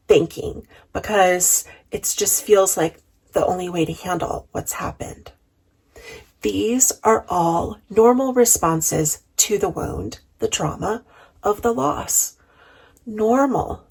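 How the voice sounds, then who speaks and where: A woman chaplain speaks about grief at an unhurried, deliberate pace. Her voice has a gravelly, husky texture. She is measured and earnest, and she repeats key words for emphasis. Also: mid-range voice, a little mellow, low-quality recording. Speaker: chaplain and reverend. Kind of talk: reflective talk on grief.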